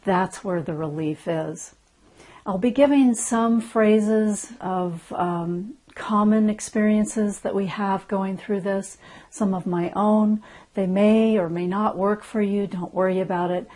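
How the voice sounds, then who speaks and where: A middle-aged woman gently guiding listeners through an emotional tapping session, speaking slowly and softly. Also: medium pitch. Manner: gentle, slow and soothing, often soft and hushed. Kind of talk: guided EFT tapping session.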